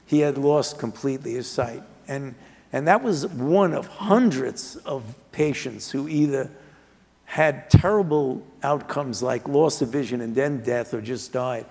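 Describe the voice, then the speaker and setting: An older man speaks with an earnest, measured manner and a gravelly edge, often circling back to restart a thought. He is a physician being interviewed on stage before an audience. His voice rings out with a long reverb in a large hall. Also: mid-range voice, a little mellow. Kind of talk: reflective storytelling in an interview.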